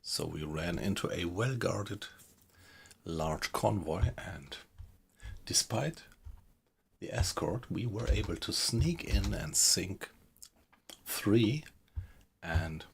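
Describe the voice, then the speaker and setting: A man's voice: low voice, animated, takes it slowly, creaky, long pauses, slightly rough. A man with a German accent, chatting casually to viewers while streaming a video game. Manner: chatty, thanks viewers, laughs often. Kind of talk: casual live-stream commentary.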